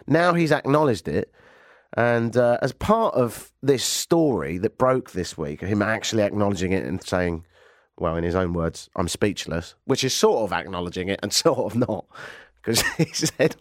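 A man's voice: sits low, no room sound, clean studio sound. A man hosting a talk radio show, with a stuffy nose from a cold. He tells stories with sarcasm and animation. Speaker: radio host. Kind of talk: casual talk radio banter.

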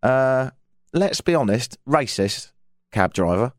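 A man's voice: medium pitch, lively intonation, slow, no echo. A man from England with a London accent, co-hosting a casual comedic chat and telling stories with dry jokes. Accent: London English. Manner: dry, joking storyteller. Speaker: co-host.

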